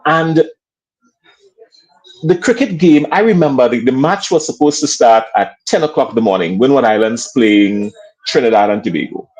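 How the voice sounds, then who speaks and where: A man's voice: medium pitch, moderate pace, poor audio. Grenadian man in his fifties telling a story. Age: 50s. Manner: lively storyteller acting out quoted voices. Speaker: sports commentator guest. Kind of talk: animated storytelling in an interview.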